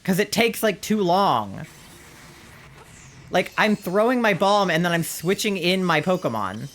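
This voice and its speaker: A streamer giving live gameplay commentary, exasperated and swearing often, with sudden yelps and shouts. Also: mid-range voice, big pitch swings, measured pace. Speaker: streamer playing a video game.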